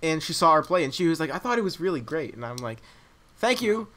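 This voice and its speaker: Young man, podcast host, casual rambling chat, lively pitch. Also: fast. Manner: rambling storytelling with frequent fillers and laughs.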